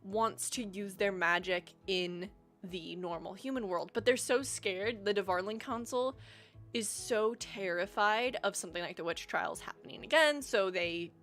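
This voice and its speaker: A woman's voice: mid-range voice, a little slow, a bit bright. Chatty young woman streamer. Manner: chatty, rambling, frequent ums. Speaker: livestream host. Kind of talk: casual live-stream chat. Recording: faint music behind.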